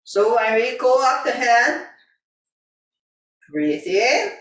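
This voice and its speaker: Slow, calm woman leading tai chi. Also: a little high. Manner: calm, repetitive breathing cues, simple non-native grammar. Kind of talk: guiding an exercise class. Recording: echoey room, voice from a distance.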